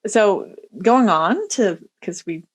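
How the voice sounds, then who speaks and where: A woman co-hosting a podcast in casual chat, talking in a chatty, animated way with many restarts. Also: mid-range voice, takes it slowly, husky. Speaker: podcast co-host.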